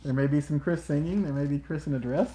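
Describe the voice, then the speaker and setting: A man's voice: on the high side, quick pace, a crowd in the background. Male live stream co-host, friendly and upbeat, reacts to chat comments. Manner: upbeat, reads out and answers viewer comments; enthusiastic, friendly greetings to viewers.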